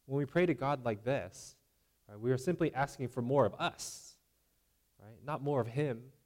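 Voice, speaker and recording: Man, preacher, sermon, conversational, mid-pitched, frequent "right?". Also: moderate pace, a little mellow. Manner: conversational, repeating "right?" and acting out imagined voices.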